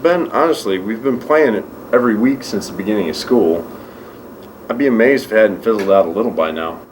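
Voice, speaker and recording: A man's voice: on the low side, expressive, fairly quick, distant mic, natural voice. An actor playing a laid-back young male gamer with a dry, reasonable manner, heard in an echoey, noisy room. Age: young adult.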